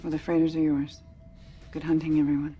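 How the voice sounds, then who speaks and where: A woman's voice: low-pitched, level tone, a little fast, lightly acted. A woman playing a stern leader in a space war drama, giving grave, clipped orders, heard in a dull lo-fi clip with music behind. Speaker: character in a sci-fi TV series clip.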